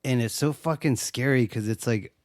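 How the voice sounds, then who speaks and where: A man's voice: mid-range voice, normal speed, dry recording, clean studio sound. A man co-hosting a casual podcast, recapping a horror movie with lots of swearing and acted-out lines. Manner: excitable, swears a lot, acts out lines from the film. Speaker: podcast co-host.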